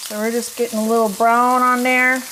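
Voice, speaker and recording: A woman's voice: a little high, flat delivery, fairly quick, pushed and bright, a little hiss or hum. A woman vlogger chatting casually to her phone camera while cooking in her home kitchen, folksy and easygoing.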